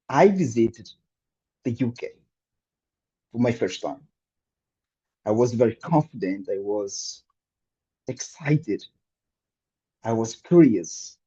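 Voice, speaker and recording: A man in his thirties from Angola, giving a prepared humorous speech as an animated storyteller with dramatic pauses. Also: mid-range voice, slightly rough, lo-fi sound. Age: 30s. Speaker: club speaker.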